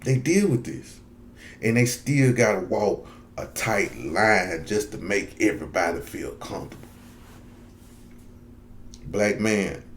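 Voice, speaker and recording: A man's voice: low voice, slight background noise. A man giving earnest, heartfelt commentary straight to his viewers, repeating lines for emphasis. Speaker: vlogger. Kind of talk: direct-to-camera commentary.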